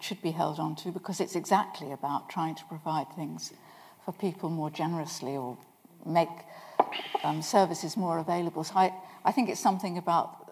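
An English woman chairing a public conversation, speaking in a measured way as she closes the discussion. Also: deep voice, creaky, darkish tone. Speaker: interviewer and chair. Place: London event hall. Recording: long hall reverb.

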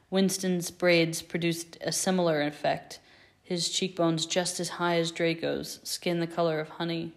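A woman narrating a fan fiction story aloud in a measured, expressive reading. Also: sits low.

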